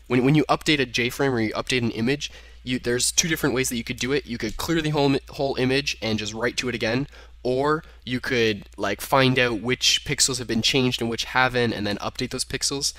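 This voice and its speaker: A man's voice: medium pitch, a little fast, a bit bright, no room sound. A young man casually talking through code in a programming tutorial, thinking aloud and correcting himself as he types. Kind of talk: screen-recorded coding tutorial. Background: keyboard typing.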